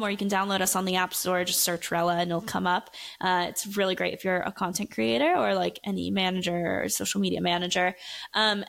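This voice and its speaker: A woman's voice: mid-range voice, creaky, fairly bright tone. A woman who is a startup founder and content creator, guesting on a podcast and talking casually, upbeat and with many "like"s. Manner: upbeat, fills speech with "like". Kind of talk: casual interview chat.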